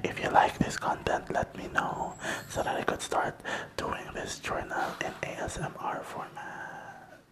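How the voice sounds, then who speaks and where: A man with a Filipino accent hosting a whispered ASMR podcast, talking softly and rambling to his listeners while he switches between languages. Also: unhurried. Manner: soft, rambling, code-switching, talks to listeners. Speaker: podcast host. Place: small home studio.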